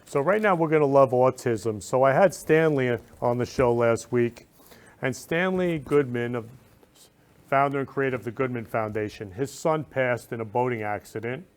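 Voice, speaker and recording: A man's voice: medium pitch, moderate pace. A man hosting a talk show, effusive and emotional, often repeating words of love. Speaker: host.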